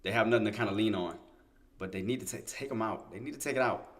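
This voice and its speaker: Quick and lowish in voice, the man hosting this day-trading stream gives live market commentary straight off the chart. Phrases get repeated and sentences restarted as he talks to himself, and his excitement spills out in insistent bursts.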